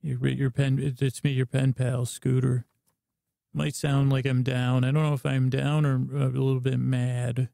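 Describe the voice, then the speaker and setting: A man hosting a sleep podcast, rambling and stammering in a low-key way as a downcast spaceship pilot writing to his pen pal. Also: level tone, a little slow, creaky, dark tone, dry recording, clean studio sound. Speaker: podcast host and storyteller. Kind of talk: rambling sleep-story improv.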